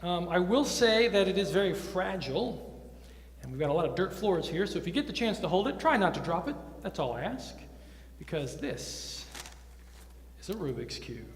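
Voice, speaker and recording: Playful high-voiced male stage magician. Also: big pitch swings, moderate pace, a little hiss or hum. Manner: playful, teasing banter with volunteers. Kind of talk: live stage magic show patter. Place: large roomy hall before a live audience. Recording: echoey hall recording with faint music.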